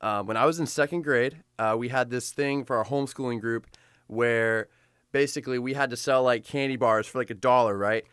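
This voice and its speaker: A young man talks straight to the camera in a loose, rambling vlog style, packing his sentences with fillers and quick restarts. His pitch sits right in the middle for a man. The sound is dry and close, with almost no room around it. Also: clear, resonant tone, no room sound. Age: young adult. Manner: fast, animated, full of fillers and restarts. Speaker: photographer telling his story. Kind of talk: casual personal storytelling.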